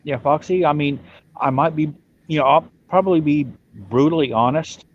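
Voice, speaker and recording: A man's voice: on the high side, normal speed, muffled recording, slight background noise. A man from Ireland hosting a casual livestream chat, blunt and self-mocking in how he talks. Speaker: livestream host.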